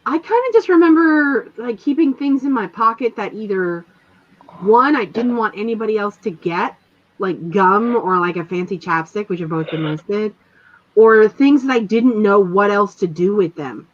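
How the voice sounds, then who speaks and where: A woman's voice: medium pitch, moderate pace, slight background noise. Woman, casual livestream chat, rambling, lo-fi dull mic. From rural area. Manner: rambling, chatty, lots of "like".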